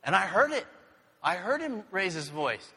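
A man's voice: sits high, big pitch swings, moderate pace, pushed and bright, slightly rough, big-room sound. A man preaching a sermon in an earnest, conversational way, telling family stories. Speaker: pastor.

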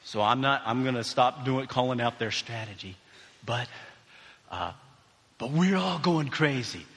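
Pastor, male, bright high voice, animated sermon storyteller, church hall reverb. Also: measured pace. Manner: excitable storyteller, shouting and exclaiming. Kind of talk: sermon with personal anecdote and prayer. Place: church sanctuary.

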